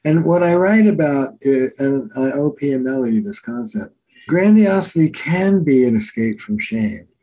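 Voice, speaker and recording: A man's voice: mid-range voice, breathy edge, low-quality recording. A middle-aged man from New Jersey, a therapist telling stories in a conversational interview. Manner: animated storyteller, acts out quotes. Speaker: therapist and author.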